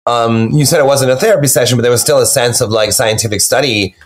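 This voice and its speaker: A man, a podcast guest on a video call, telling rambling stories in an excitable way and acting out the quotes. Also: mid-range voice, fast. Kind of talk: animated storytelling in an interview.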